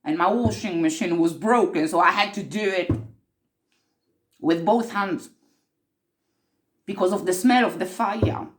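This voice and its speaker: A woman's voice: lowish voice, unhurried, pauses often, natural voice. A woman playing an earnest mystic who tells of time slips in an improvised monologue, intense and repeating herself for emphasis.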